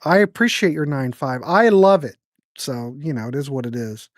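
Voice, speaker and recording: A man's voice: fairly high pitch, lively intonation, moderate pace, no room sound, studio quality. A man hosting a casual online music podcast over a video call, talking in a laid-back, wry way. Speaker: host.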